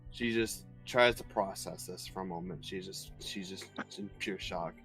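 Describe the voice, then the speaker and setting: A man playing a tabletop game, calmly describing his character's actions. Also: sits low, moderate pace, soft background music, low-quality recording. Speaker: player.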